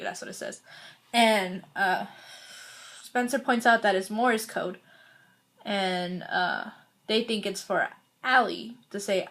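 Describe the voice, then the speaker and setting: A woman talks through a TV episode recap in a loose, rambling way. She stumbles, restarts and fills gaps with "uh" and "like". Her voice sits at an ordinary pitch for a woman. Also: takes it slowly, pushed and bright. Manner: rambling and chatty, full of fillers and restarts. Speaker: video host reviewing a TV episode. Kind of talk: casual recap vlog.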